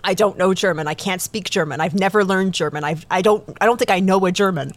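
A woman's voice: on the low side, quick pace, no room sound. A woman hosting a true-crime podcast in casual chat, giggly and self-deprecating, rambling with many restarts. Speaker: podcast host.

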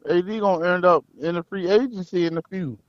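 A young man co-hosting a casual basketball talk show, laid-back and slangy, his voice trailing off quietly. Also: sits high, fairly quick, no room sound. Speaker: podcast co-host. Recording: slightly dull, muffled mic.

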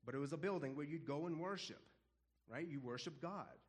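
A man teaching a casual Bible study in an animated, conversational way, often chuckling. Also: on the high side, a little fast.

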